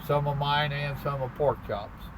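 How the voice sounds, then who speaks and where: Slow-talking trucker, folksy drawl. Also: male voice, fairly high pitch, steady tone, background noise. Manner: folksy, slow drawl, calls people brother. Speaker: truck driver hosting a live stream. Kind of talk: casual live chat reading viewer comments. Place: parked in his truck cab at a stop.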